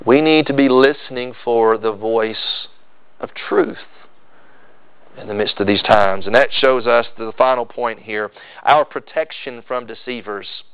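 A man's voice: measured pace, smooth. Emphatic male preacher, muffled recording. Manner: emphatic preaching with sudden loud, high-pitched bursts. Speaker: pastor. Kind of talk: sermon.

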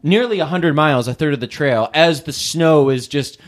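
A man's voice: fairly high pitch, moderate pace. A man telling an enthusiastic story in a casual chat as a co-host.

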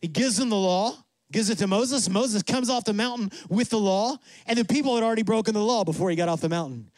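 A man preaching with a high voice and lots of energy. He acts out God and Moses in quick asides. The sound is dry and close. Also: no room sound. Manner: drops to a soft, low voice for emphasis. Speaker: pastor. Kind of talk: sermon.

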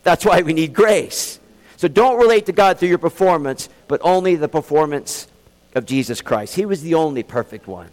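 An earnest man delivers a sermon with a somewhat high voice. He pleads with his listeners and slows down to drive his points home. The sound carries a long reverb, as in a large church hall. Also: expressive, darkish tone. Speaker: preacher.

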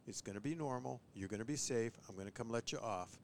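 Guy giving bird dog training tips, lively, mid-pitched, acts out the dogs n owners, faint rumble behind. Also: fast. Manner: animated, mimics owners and dogs in a high voice. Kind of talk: casual podcast chat.

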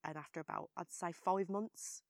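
A young woman with a strong Birmingham accent talks about her work as a guest in an interview. Her voice sits a little low, and she speaks in a chatty way, full of fillers and restarts. The recording is dry and close. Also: steady tone, normal speed, no room sound. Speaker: actress, guest. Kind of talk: casual interview chat.

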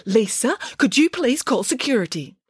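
Lady doing a prim rule-quoting elf girl, a bit high, dry close sound. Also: very animated, moderate pace, slightly rough, no echo, heavily acted. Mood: officious. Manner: chirpy, stiff, rule-bound. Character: officious adult female shop elf.

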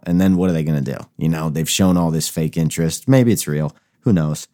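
A man's voice: low voice, lively intonation, fairly quick, warm tone. A man hosting a podcast, talking loosely and rambling with swearing and self-mocking asides. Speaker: podcast host. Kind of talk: casual chat.

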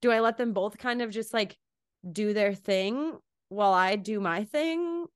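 A woman's voice: medium pitch, unhurried, clear, resonant tone, dry recording, clean studio sound. A woman, a parent, chatting casually and asking about her toddler's play, acting out family moments as she talks. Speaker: podcast host, parent. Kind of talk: casual chat.

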